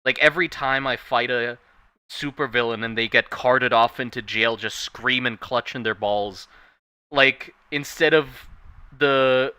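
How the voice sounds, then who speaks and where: A man streaming casually while drawing, rambling and animated, swearing freely. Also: mid-range voice, a little slow, clear, resonant tone, no room sound. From Thailand.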